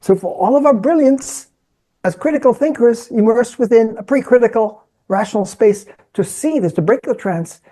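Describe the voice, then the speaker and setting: A woman's voice: a little high, animated, moderate pace, mellow. A woman speaking as a podcast guest in an impassioned philosophical discussion, emphatic and preaching, repeating words for stress.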